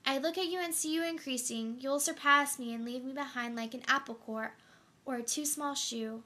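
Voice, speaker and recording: A reclusive mother who will fight for her daughter, played by a young woman in a stage monologue. She swings from flat, dutiful routine to frantic outbursts. Her voice sits fairly high and sounds very bright. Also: moderate pace. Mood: tender. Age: young adult. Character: reclusive mother in a trailer home, fiercely protective. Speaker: student actor. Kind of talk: theatrical monologue.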